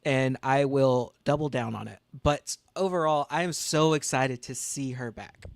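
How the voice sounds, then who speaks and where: A man's voice: mid-range voice, measured pace, creaky, no echo, clean studio sound. A man co-hosting a casual podcast, giving passionate, emphatic fan opinions. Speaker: podcast co-host.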